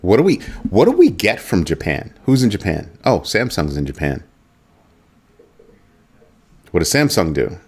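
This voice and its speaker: A man with a very low voice hosts a casual livestream. He muses aloud, keeps asking rhetorical questions, and stops to read out viewer chat. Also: huge pitch swings, unhurried, pauses often, darkish tone, husky. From United States. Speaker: livestream host.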